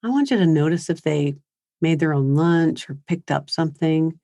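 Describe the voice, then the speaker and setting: A woman's voice: sits low, normal speed, mellow, dry recording. Chatty woman giving a parenting seminar, dry sound. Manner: conversational, acts out quotes of teens and parents. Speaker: parenting speaker. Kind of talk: seminar talk. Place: high school seminar.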